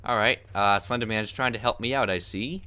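A man doing let's play commentary on a horror game, jokey and muttering, breaking into panicked yelling when scared. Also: on the low side, a little fast, clear, resonant tone.

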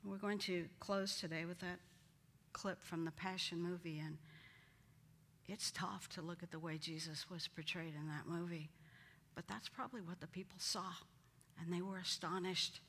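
A woman's voice: lowish voice, steady tone, moderate pace, fairly bright tone, a little hiss or hum. A woman teaching a Bible study, acting out the quoted lines with dramatic emphasis. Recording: hall reverb.

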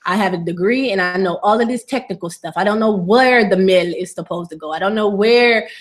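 A woman's voice: mid-range voice, a little fast, natural voice. A woman voicing an indignant female tech-worker organ in a comic body-as-office skit, rambling in exasperation. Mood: exasperated.

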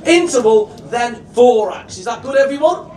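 A Liverpool man runs a stand-up comedy night, talking loud and animated and swearing freely. His voice sits high and moves a lot. He is picked up from a distance in an echoey venue. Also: normal speed, background noise.

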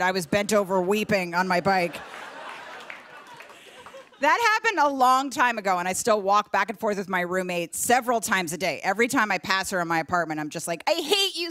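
A woman doing a stand-up comedy set on a late-night TV stage, telling stories in an animated, exasperated way. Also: medium pitch.

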